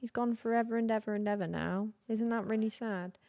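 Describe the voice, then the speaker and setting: A woman's voice: on the high side, fairly even intonation, fairly quick, creaky, mellow, no echo. A young woman chatting casually on a live stream, rambling and giggly.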